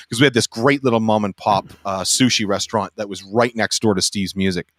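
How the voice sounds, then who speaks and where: Man telling a lively, swear-laced story. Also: lowish voice, a little fast, few pauses, no echo. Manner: animated storytelling, acting out quotes, swearing freely. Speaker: roundtable panelist. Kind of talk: casual anecdote telling.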